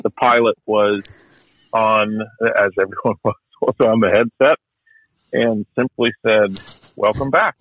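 A man's voice: fairly low pitch, fairly even intonation, a little slow, no room sound, narrow, tinny audio. A man telling stories in a casual chat, wry and chatty, with many restarts and fillers.

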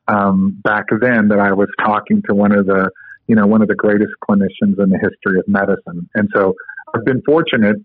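A man's voice: fairly low pitch, dry recording. Man explaining over a tinny phone line. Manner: casual, explanatory, with fillers. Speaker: guest, medical instructor. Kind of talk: podcast interview explanation.

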